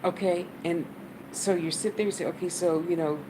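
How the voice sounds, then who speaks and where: A blunt American woman talks viewers through listening to spirit in a casual, profane way. Her voice sits a little low, and a running fan and passing traffic hum clearly behind her. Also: fairly even intonation, normal speed. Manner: blunt, swears freely, talks straight to the viewer. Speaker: spiritual channel host.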